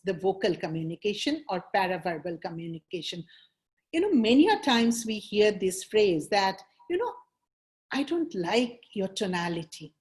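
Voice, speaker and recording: A woman's voice: mid-range voice, a little mellow. A woman with an Indian English accent, an image consultant giving a webinar lecture and acting out example sentences with shifting emphasis.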